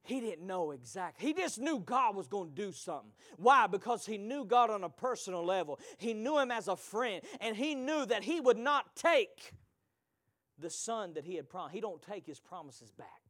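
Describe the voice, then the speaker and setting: A man preaching a sermon to his congregation, moving between hushed whispers and shouted peaks and calling out to the listeners directly. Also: high-pitched, very animated, moderate pace, no echo, studio quality. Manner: call-and-response preaching, addresses congregation directly.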